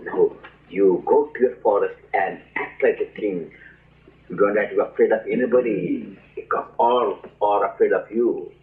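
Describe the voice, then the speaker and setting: A man teaching as a spiritual leader, telling stories in an animated way, acting out voices and laughing often, on a tinny lo-fi archive recording. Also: fairly low pitch, normal speed. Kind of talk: spiritual talk with storytelling.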